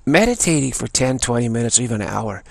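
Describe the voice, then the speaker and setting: A man giving an earnest spiritual teaching talk, repeating phrases and softly chanting a mantra. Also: medium pitch, animated, fast, creaky, dry recording.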